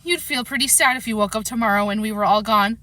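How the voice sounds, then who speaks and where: A woman's voice: medium pitch, fast, close to an everyday voice. A woman reading as a stern, exasperated mother. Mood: softened. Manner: sharp, scolding commands. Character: stern, exasperated mother scolding her son.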